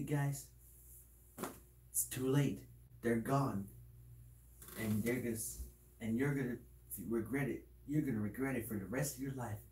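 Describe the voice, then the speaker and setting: Man, mid pitch, mellow tone; casual vlogger giving rambling, earnest advice to camera, echoey room. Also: slight background noise. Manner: rambling, repetitive, earnest advice with many restarts. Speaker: video creator. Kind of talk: casual motivational talk to camera.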